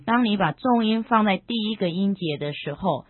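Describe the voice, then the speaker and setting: Female co-host, chatty explainer with drawn-out phrase endings; husky tone, tinny lo-fi recording. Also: mid-range voice, lively intonation, dry recording. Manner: chatty, drawn-out sentence-final particles. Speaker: co-host translating the lesson. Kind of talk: explanatory lesson talk. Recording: tinny narrow-band radio sound.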